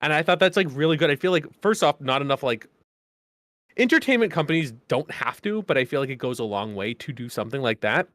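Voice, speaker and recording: Speaking quickly and expressively at a medium pitch, a man co-hosts a podcast in casual, rambling chat packed with fillers and restarts. His tone is fairly bright, with no room sound.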